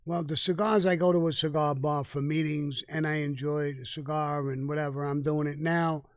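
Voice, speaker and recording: Here an older man fields viewer questions as a guest in a casual live Q&A, profane and blunt, faltering and restarting along the way. His voice runs a little high with a level tone at a moderate pace, recorded dry and close with no echo.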